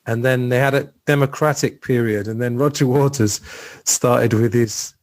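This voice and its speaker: A man hosting a film podcast, chatting loosely and wandering from one bit of trivia to the next. His voice is middle-pitched and sits close and dry, with no room sound around it. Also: fairly even intonation, moderate pace, dry recording. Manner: chatty, rambling, trivia-filled storytelling. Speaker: podcast host. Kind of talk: casual film podcast chat.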